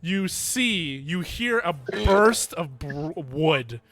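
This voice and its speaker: A man's voice: on the high side, expressive, very slow, noisy background. A young man narrating as game master in an online tabletop game, rambling and correcting himself as he goes.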